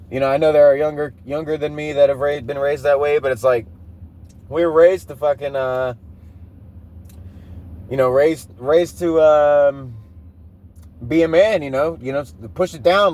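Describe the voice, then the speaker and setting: A man's voice: a little high, steady tone, normal speed, a little mellow. A man in his thirties hosting a podcast, telling a rambling, profane personal story and often breaking into laughter. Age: 30s. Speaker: podcast host. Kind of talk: casual monologue.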